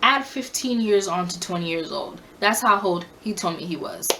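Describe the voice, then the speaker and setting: A young woman in her twenties talks straight to her viewers in a storytime vlog. Her voice sits at a medium pitch. She is blunt and salty, and she hammers each piece of advice home by saying it again. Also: lively intonation, moderate pace, background noise. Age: 20s. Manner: blunt, profane, repeats advice for emphasis. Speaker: storytime vlogger. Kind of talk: casual storytime monologue.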